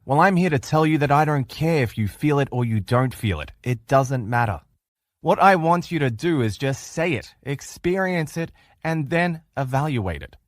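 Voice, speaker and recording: A man's voice: mid-range voice, animated, moderate pace, no room sound, clean studio sound. A middle-aged man teaching a recorded relationship-coaching lesson in an earnest, coaching manner. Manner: earnest, coaching, acts out quoted replies in changed voices.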